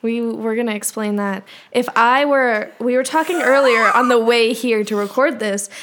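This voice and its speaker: A young woman co-hosts a laid-back podcast in a slightly high voice. Her humor is dry and deadpan, and she teases her friend in easy, casual talk. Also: moderate pace. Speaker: podcast co-host. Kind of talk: casual chat.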